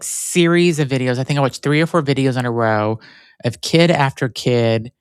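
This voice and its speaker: A man with a clear, resonant, medium-pitched voice hosts his own podcast solo, recorded with clean studio sound and no echo. He tells stories in a rambling, conversational way, filling his talk with frequent "like"s.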